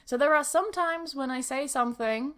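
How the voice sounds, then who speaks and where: In a high, somewhat bright voice at normal speed, a Yorkshire-born English teacher in her thirties speaks candidly on her podcast in a relaxed monologue, laughing often. Her accent is Yorkshire English with a touch of Bristol.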